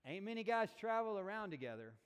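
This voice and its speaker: A preacher putting on a drawling old-time farmhand. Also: male voice, high-pitched, very animated, fast talker, clean tone, voice pushed up. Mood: wistful. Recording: long reverb of a church hall.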